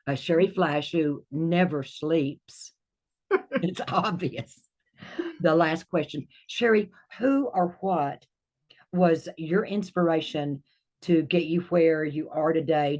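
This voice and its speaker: An older woman hosting an interview show, speaking in a friendly, slightly halting way with fillers. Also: sits low, a little mellow. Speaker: host.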